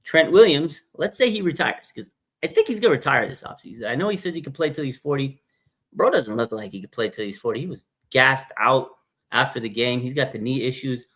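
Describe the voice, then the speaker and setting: Slangy, animated fan-show host, man. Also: mid-range voice, fairly quick. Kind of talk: casual live-stream sports chat.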